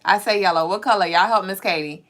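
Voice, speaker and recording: A woman's voice: mid-range voice, quick pace, fairly bright tone, soft background music. A woman from Savannah, Georgia with a Southern accent, hosting a livestream and chatting playfully with viewers as she reads their comments. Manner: chatty and playful, laughs often. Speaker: livestream host. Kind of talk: casual livestream chat reading viewer comments.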